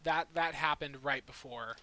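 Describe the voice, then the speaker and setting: A man's voice: fairly high pitch, a little slow, pushed and bright. A young man running a tabletop game as dungeon master, narrating in a laid-back way with many fillers.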